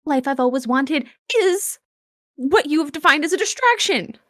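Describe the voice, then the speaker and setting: A woman playing her character in a tabletop game, answering with indignant, sharp comebacks. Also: high voice, lively intonation, moderate pace, dry recording, clean studio sound. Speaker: player.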